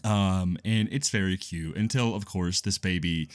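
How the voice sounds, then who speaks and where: A man co-hosting a casual podcast, talking in a low voice. He rambles quickly, corrects himself mid-sentence and laughs often. A faint lo-fi music bed plays underneath. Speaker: podcast co-host. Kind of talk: casual podcast review chat.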